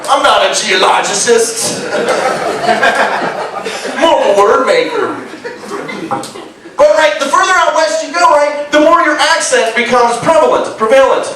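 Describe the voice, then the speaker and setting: A man's voice: very high voice, animated, moderate pace. A man with a Baltimore accent doing a crude, self-mocking stand-up set, bantering with the crowd at a live comedy show. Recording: echoey live club from far off, loud crowd.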